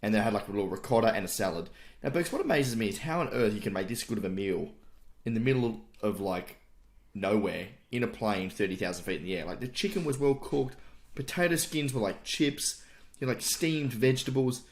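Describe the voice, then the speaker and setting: Man, podcast co-host, fairly low voice, relaxed, slangy, laughs a lot. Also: fairly quick. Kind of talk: casual chat.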